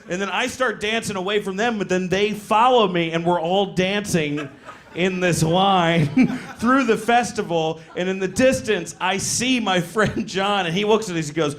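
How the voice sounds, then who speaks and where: A man's voice: high voice, fairly bright tone, a little hiss or hum. A man in his thirties doing stand-up, telling a rambling story full of fillers and acted voices. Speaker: stand-up comedian. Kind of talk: stand-up comedy set.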